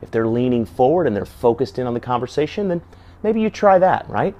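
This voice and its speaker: A man's voice: mid-range voice, sing-song, fairly quick, warm tone, highs cut off. A man giving casual advice to camera, talking conversationally and asking lots of rhetorical questions. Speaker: self-help video host.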